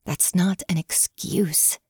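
A woman's voice: lowish voice, normal speed, a little mellow, no echo, clean studio sound, natural voice. A woman voicing a blunt, ageless old blacksmith. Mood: muttering. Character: gruff old female blacksmith, centuries old.

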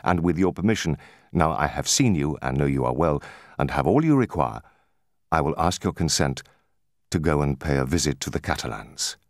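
A man's voice: extremely low pitch, expressive, normal speed, no echo, clean studio sound. A man voicing an earnest, courteous young sailor full of happy eagerness. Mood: earnest courtesy.

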